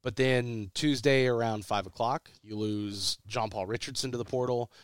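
A man's voice: medium pitch, fairly even intonation, normal speed, clear, resonant tone, no room sound, studio quality. A man, hosting a casual sports podcast while sick, with a congested voice and a rambling way of repeating himself as he restarts. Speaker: podcast host.

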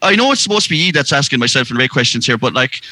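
An Irish man from Sligo, a podcast guest, trading quick jokes. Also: medium pitch, animated, pushed and bright, no room sound. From Sligo, Ireland. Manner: quick, joking banter. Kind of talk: casual podcast chat.

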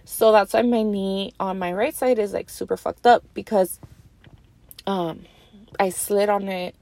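A young woman vlogger telling a story in a casual, animated way, lots of fillers and swearing. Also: mid-range voice, measured pace, vocal fry, no echo.

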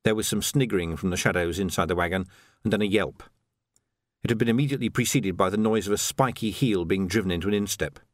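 A man reading a novel aloud as narrator in a measured, expressive way. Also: lowish voice, no room sound, studio quality. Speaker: audiobook narrator. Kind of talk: scripted narration.

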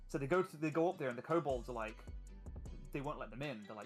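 Animated man recounting his tabletop campaign. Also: medium pitch, fast, faint music behind. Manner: animated, laughing while recounting game plot. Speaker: podcast guest, game master. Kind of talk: casual storytelling chat.

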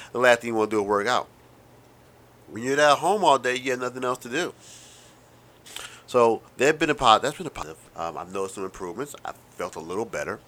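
A man in his thirties riffs through a casual solo monologue, talking fast with wry, profane asides. His voice sits a little low yet sounds bright and forward. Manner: self-described fast talker. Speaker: podcast host.

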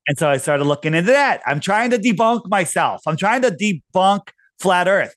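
Man, middle-aged, podcast guest, storytelling, acts out quotes, higher voice. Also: animated, moderate pace, few pauses, a bit bright, dry recording, clean studio sound. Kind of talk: casual conversation.

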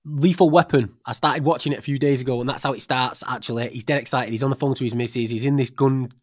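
A man's voice: medium pitch, steady tone, fast talker, dry recording, clean studio sound. A man co-hosting a casual book podcast, blunt and chatty in a colloquial way. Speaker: podcast co-host.

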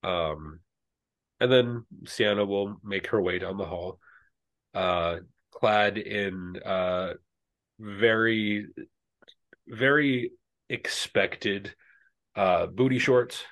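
Slow-talking guy running a tabletop game, rambly, lotsa ums, lowish voice. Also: a bit bright. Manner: rambling, with many fillers. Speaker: game master.

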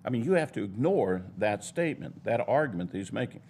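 Emphatic, gravelly-voiced male Bible teacher. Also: on the low side, sing-song, a little fast, darkish tone, a little hiss or hum. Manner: emphatic, argumentative. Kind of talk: taught sermon-style lesson.

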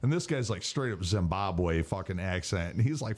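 A man with a fairly low voice holds forth on a casual podcast, ranting and swearing freely. His talk is loose and unscripted, with restarts and asides. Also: very animated, moderate pace. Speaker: podcast co-host. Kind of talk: casual chat.

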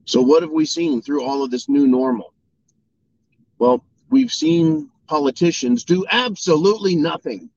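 A man's voice: fairly high pitch, huge pitch swings, unhurried, vocal fry, darkish tone, highs cut off. A man delivering an angry political monologue, swearing and mocking opponents in sarcastic voices. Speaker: political commentator. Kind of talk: ranting monologue.

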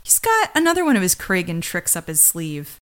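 Lively bright-voiced woman, chatty. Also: on the low side, fairly quick. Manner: animated, jokey, quotes characters in mocking voices. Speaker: podcast co-host. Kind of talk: casual chat recapping a TV episode.

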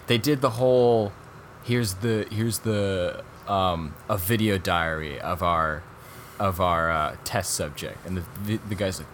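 A man with a low-pitched voice talks casually on a podcast, rambling through a documentary's story and acting out the people in it. There is a faint hum of noise behind him. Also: a little slow. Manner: rambling, animated retelling with quoted voices and laughs. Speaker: podcast co-host. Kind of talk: casual chat reviewing documentaries.

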